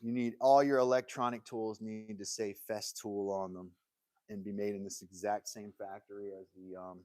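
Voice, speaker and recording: A man's voice: on the low side, level tone, normal speed, darkish tone, dry recording. A man hosting a casual live stream from his workshop, joking and rambling as he talks straight to his viewers, laughing often. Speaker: livestream host. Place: home woodworking workshop.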